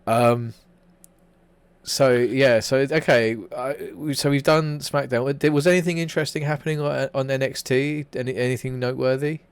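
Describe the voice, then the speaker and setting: A man's voice: medium pitch, steady tone, normal speed, clean tone, dry recording. A man co-hosting an unscripted wrestling podcast, chatting casually, swearing freely, laughing often and restarting his sentences. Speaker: podcast co-host.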